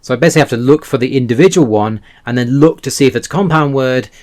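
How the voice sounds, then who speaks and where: A man's voice: medium pitch, quick pace, a little mellow. Rambling male language vlogger. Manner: rambling, self-correcting, self-deprecating. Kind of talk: casual talking-head vlog.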